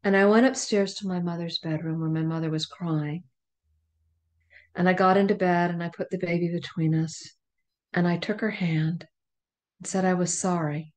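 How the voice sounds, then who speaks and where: A middle-aged woman, a podcast guest, telling a personal story in an animated way, often laughing. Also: lowish voice, normal speed. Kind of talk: storytelling in conversation.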